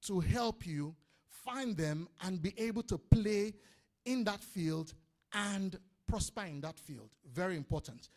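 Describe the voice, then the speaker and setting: A man with a Nigerian accent giving an energetic business seminar talk, calling out to the audience and repeating his points. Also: sits high. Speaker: business speaker. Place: conference hall before an audience.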